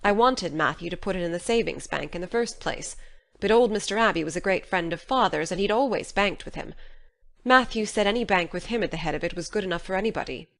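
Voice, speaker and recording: A woman voicing a practical older countrywoman, stern but caring, speaking in a lowish, plain and matter-of-fact way. Her speech is homespun and measured, as in a radio drama. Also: expressive, a bit bright. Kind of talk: full-cast audiobook drama.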